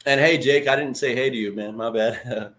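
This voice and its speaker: A man in the middle of his range, hosting a relaxed livestream lesson. His talk is loose and chatty, with plenty of swearing and quick hellos to viewers by name. He keeps it informal, like a friend explaining things. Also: mid-range voice. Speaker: livestream host. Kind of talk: casual livestream teaching.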